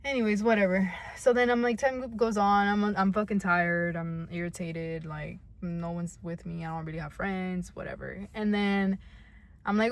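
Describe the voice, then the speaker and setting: A woman's voice: medium pitch, fairly even intonation, moderate pace. A young woman from California co-hosting a podcast, telling a story in casual chat. She swears freely, leans on "like," and acts out her own past lines. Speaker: podcast co-host.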